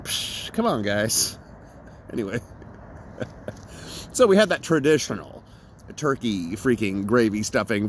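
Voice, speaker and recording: A man's voice: mid-range voice, slight background noise. A man in his forties talking in a casual, rambling vlog monologue, emotional and laughing through sadness. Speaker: vlogger.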